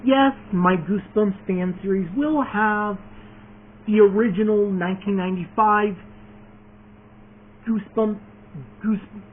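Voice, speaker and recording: A man's voice: high-pitched, fairly even intonation, a little slow, pauses often. A man talking casually in a vlog, rambling through his plans with lots of fillers and restarts, eagerly adding one more point after another. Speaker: video creator announcing his fan series. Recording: tinny phone-like sound, faint noise.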